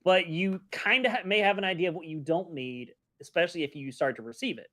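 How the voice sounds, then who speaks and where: A man's voice: high voice, fast, pushed and bright. A man co-hosting a casual stream chat, talking in a rambling, self-reflective way and often restarting his sentences. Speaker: streamer co-host.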